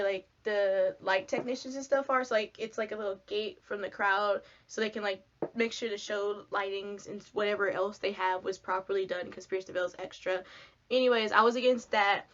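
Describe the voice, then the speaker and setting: A young woman from Texas, telling a casual storytime to camera in a chatty, animated way, acting out what people said. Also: mid-range voice. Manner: chatty, animated, lots of "like", acts out quotes. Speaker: vlogger. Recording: dull lo-fi sound.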